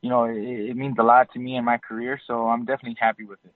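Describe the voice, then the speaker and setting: A boxer, a man, answering interview questions in a calm, mellow, measured way. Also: medium pitch, no echo. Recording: phone line.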